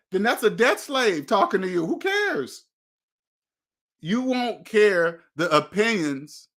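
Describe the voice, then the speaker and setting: A man's voice: high voice, fairly bright tone. A man hosting a motivational money talk, preachy and emphatic, driving points home with repeated questions. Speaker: host.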